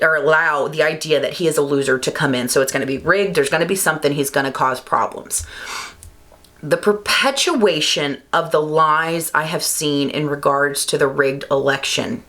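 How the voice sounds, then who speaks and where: A woman vlogger delivering a heated, emphatic political rant, swearing, her voice climbing high when worked up. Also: a bit bright.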